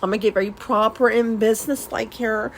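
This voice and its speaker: A woman's voice: on the high side, steady tone, a little fast, slight background noise, rough recording. A middle-aged woman talking candidly to her viewers, rambling and restarting often with laughs between thoughts. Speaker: beauty vlogger swatching nail products. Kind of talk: casual confessional chat.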